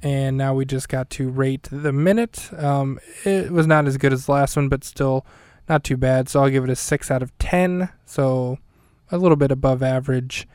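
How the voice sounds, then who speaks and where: Dry, flat-voiced man recapping a show. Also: medium pitch, normal speed, clean tone, no echo. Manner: rambling, self-correcting, dry humor. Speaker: podcast host. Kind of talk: casual solo recap.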